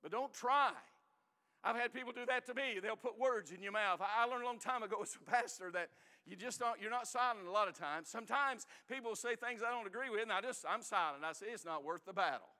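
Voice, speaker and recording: A man preaching a sermon as pastor, emphatic, with rising bursts and slowed, stressed phrases. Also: extremely high pitch, pushed and bright, in a large hall.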